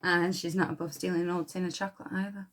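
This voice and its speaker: An actress playing a blunt, defiant young wartime munitions worker with a Yorkshire accent, who swears freely and talks with scorn. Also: female voice, on the low side, little pitch movement, fast talker, fairly bright tone, close to an everyday voice. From Yorkshire, England. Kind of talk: dramatic monologue.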